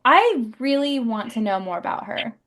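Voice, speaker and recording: Woman, book podcast co-host, casual chat, upbeat, filler-heavy, slightly high voice. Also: big pitch swings, moderate pace, fairly bright tone. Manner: enthusiastic, lots of "like" fillers.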